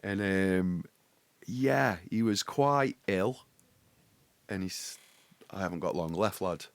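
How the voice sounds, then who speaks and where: A man, co-hosting a podcast in relaxed, jokey chat and telling stories. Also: low-pitched, takes it slowly, creaky, dry recording. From England. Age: 40s. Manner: jokey, storytelling, breaks into song. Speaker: podcast co-host. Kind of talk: casual chat.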